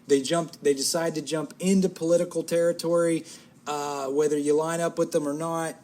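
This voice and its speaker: A man's voice: a little high, little pitch movement, normal speed, darkish tone. A man co-hosting a casual talk show, rambling and correcting himself as he jokes. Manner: rambling, self-correcting, joking. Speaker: podcast co-host. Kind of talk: casual chat.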